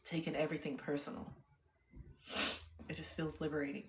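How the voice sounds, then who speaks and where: A young woman talks frankly to her stream in a fairly low voice. She moves from calm reflection to animated storytelling and swears freely. The room gives her voice a noticeable echo. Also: brisk. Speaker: livestreamer. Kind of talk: candid casual livestream chat. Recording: roomy echo.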